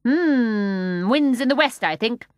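A woman's voice: a little high, lively intonation, slow, no room sound, clean studio sound, voice pushed up. A woman reading aloud, voicing a blustering, pompous middle-aged father who roars his complaints. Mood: brisk. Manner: loud roaring bluster.

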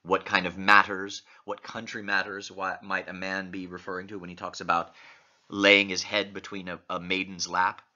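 A male literature lecturer works through a text, stopping often to pose questions to his listeners. His voice is fairly low and very bright, almost sharp. The recording sounds muffled and lo-fi. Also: monotone, normal speed. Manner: asks many questions, reads passages aloud. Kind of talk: close-reading lecture.

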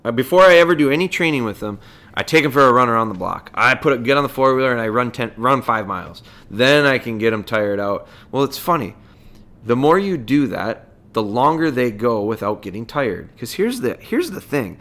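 Man, podcast host, folksy dog training talk, lively swooping pitch, rhetorical questions. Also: a little fast. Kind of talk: casual podcast advice.

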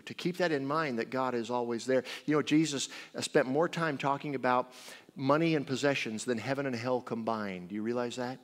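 A man preaching as a guest speaker in a church, a lively storyteller whose voice rises high and drops low. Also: moderate pace. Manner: animated storytelling with big swings in pitch and volume. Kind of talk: sermon. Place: church sanctuary. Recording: long church reverb.

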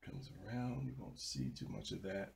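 A man narrating a drawing tutorial while he sketches, low-key and sleepy from an early start. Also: big pitch swings, moderate pace, vocal fry, darkish tone, slight background noise. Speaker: drawing instructor.

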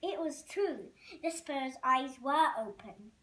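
Lively high-voiced woman reading aloud. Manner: halting, stumbling over words. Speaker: reader. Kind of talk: amateur storybook read-aloud.

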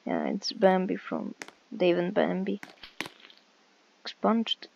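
A woman's voice: fairly low pitch, sing-song, slow, creaky, highs cut off, a little hiss or hum. A woman giving casual, hesitant gameplay commentary with many fillers while walking through a game. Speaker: game walkthrough creator.

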